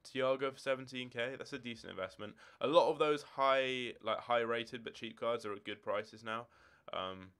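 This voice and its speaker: A man's voice: mid-range voice, fairly even intonation, moderate pace, hardly any pauses, a bit bright, smooth. An eighteen-year-old man from Scotland, chatting casually on a game live stream in a rambling way, answering viewers' questions from his room at home. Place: home room with football shirts and drawers.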